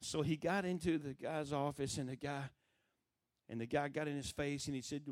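Animated preaching man, dry sound. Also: on the high side, moderate pace, no room sound. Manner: animated storyteller who acts out quoted voices. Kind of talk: sermon storytelling.

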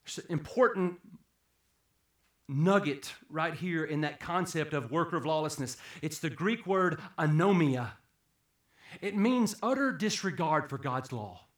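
A man preaching a sermon, swinging from hushed, low passages to loud, emphatic peaks. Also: animated, unhurried, reverberant. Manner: dramatic swings from hushed to shouting.

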